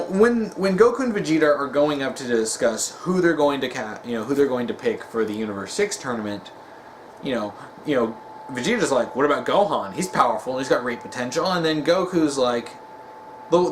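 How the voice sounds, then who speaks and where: A man's voice: medium pitch, a little hiss or hum, poor audio. A young man giving casual, rambling commentary, full of fillers and small chuckles. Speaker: video commentator.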